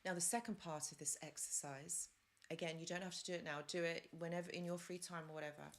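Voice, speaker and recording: Chatty woman with a lowish voice. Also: steady tone, fast talker. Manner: chatty, rambling, with fillers and side stories. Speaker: host. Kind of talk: casual live-stream advice talk.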